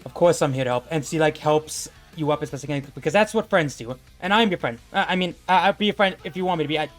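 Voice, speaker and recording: A shy, awkward young woman ally in a tabletop game who rambles and trips over her own words, as the game master voices her. She talks fast and a little higher than the narration, with faint music behind. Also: close to an everyday voice. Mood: bashful. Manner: bashful and rambling, rushing self-corrections.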